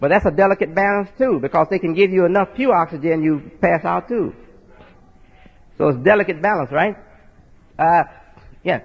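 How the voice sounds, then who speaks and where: A man's voice: high-pitched, moderate pace, gravelly, pauses often, slightly rough. A man teaching in a folksy sermon style, spelling out words and often checking in with his listeners. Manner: folksy, rhetorical asides ending with "right?". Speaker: preacher. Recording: dull lo-fi audio with long hall reverb.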